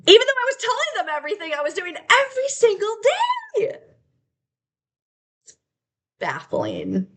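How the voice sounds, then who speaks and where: Brief: woman vlogger, raw confessional testimony, high voice that swings a lot, emotional and blunt. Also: sharp tone. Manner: emotional, candid, rambling, with frequent laughs and swearing. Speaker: vlogger sharing her life story. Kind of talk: raw unscripted personal testimony.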